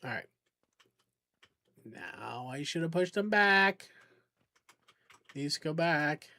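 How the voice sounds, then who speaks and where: A man's voice: fairly high pitch, lively intonation, takes it slowly, sharp tone. A man live-streaming a game, chatting casually and rambling, swearing when the game frustrates him. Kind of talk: casual live-stream chat while gaming.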